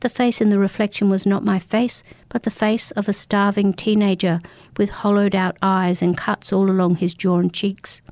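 A woman reading a first-person folktale aloud, telling it in a steady, dramatic way. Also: mid-range voice, moderate pace, dry recording. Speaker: narrator. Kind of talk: first-person storybook narration.

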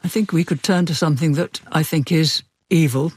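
A man interviewing an author, asking measured questions and setting up a reading. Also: a little high, fairly even intonation, slightly rough, no room sound, studio quality.

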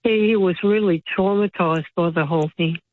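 A woman calling in to a radio show, speaking in a hesitant, halting way. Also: lowish voice, no room sound. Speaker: caller. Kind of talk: phone-in call to radio. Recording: tinny phone line.

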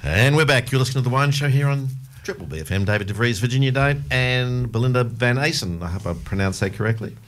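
A man's voice: medium pitch, expressive, fast, hardly any pauses, a bit bright. A man hosting a community radio show, chatting casually in a rambling way with plenty of ums. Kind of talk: casual studio chat.

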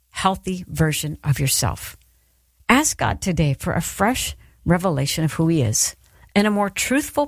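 A woman's voice: lowish voice, no echo, clean studio sound. Earnest woman giving a devotional talk. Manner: earnest, encouraging, pastoral, with soft emphatic pauses. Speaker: Christian speaker.

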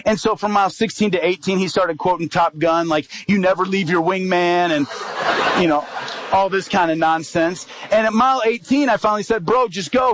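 A man's voice: sits high, no echo, poor audio. A middle-aged man, an evangelist, telling a personal story in a sermon and acting out the dialogue. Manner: animated storyteller, acts out quoted dialogue.

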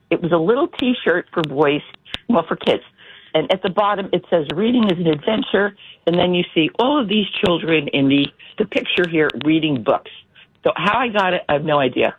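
A woman calling in to a radio show, telling a story in a chatty, animated way. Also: lowish voice, moderate pace. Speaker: caller. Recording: phone line with faint noise.

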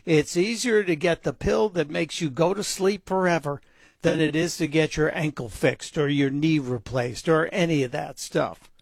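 Sarcastic talk radio host with a dry sound. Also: male voice, on the high side, moderate pace, gravelly, dry recording. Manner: sarcastic, mocking commentary. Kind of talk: opinion talk radio monologue.

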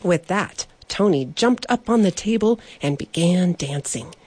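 A woman reading a children's story aloud, slowly and expressively, giving the characters their own voices. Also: on the low side, lively intonation, a little mellow, breathy edge.

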